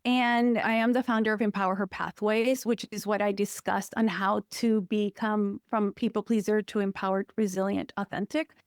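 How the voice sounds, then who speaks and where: A woman counselor, a guest on an interview podcast, telling personal stories in an expressive, emphatic way. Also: medium pitch, moderate pace, hardly any pauses, no room sound, studio quality. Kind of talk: personal conversational interview talk.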